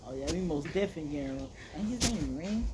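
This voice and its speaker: A young man in casual chat, jumping in with quick, playful additions to a shared made-up story. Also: on the high side, lively intonation, a loud crowd. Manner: chimes in with quick playful interjections. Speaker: co-host.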